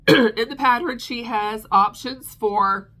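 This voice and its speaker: A woman's voice: on the high side, takes it slowly, fairly bright tone. A middle-aged woman vlogger chatting casually about her crochet, with frequent ums and restarts. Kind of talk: casual chat.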